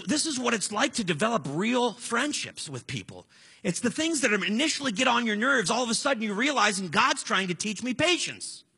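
A man's voice: very high voice, vocal fry, bright, forceful tone, husky. A man in his forties preaching a sermon in a conversational, storytelling way, earnest and direct. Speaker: pastor.

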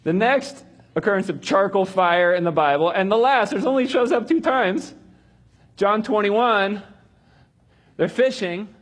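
Middle-aged male Bible teacher, husky, animated, acts out the quotes. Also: sits high, unhurried. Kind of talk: animated teaching on reading Scripture.

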